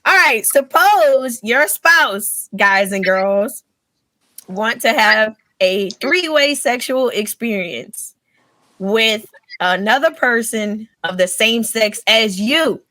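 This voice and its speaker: A woman's voice: on the high side, expressive, takes it slowly, bright, forceful tone, no echo, clean studio sound. A young adult woman hosting a casual live podcast, upbeat and teasing, laughing often. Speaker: podcast host.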